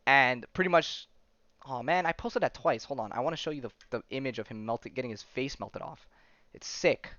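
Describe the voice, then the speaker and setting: A man's voice: medium pitch, moderate pace, bright, forceful tone, no room sound, highs cut off. A man from Florida hosting a podcast, recapping a comic in a rambling casual way full of fillers and checks like "right?". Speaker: podcast host.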